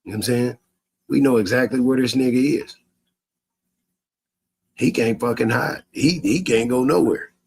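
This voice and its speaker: A man's voice: mid-range voice, normal speed, creaky, pauses often, a little mellow, slightly rough. A man in a profane livestream rant, cursing heatedly and mocking his critics with bursts of laughter. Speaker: social media streamer.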